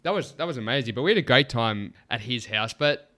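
A middle-aged man co-hosting a podcast, telling travel stories in a casual, animated and teasing way. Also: mid-range voice, a little fast. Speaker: podcast co-host, father. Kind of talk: casual storytelling chat.

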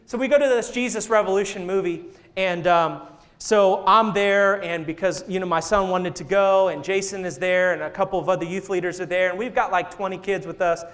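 A man's voice: sits high, steady tone, fairly quick, fairly bright tone. A man in his thirties, a pastor preaching a sermon in church, telling a story and joking with the congregation. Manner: playful, jokes and laughs with the congregation. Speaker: senior associate pastor. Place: church sanctuary.

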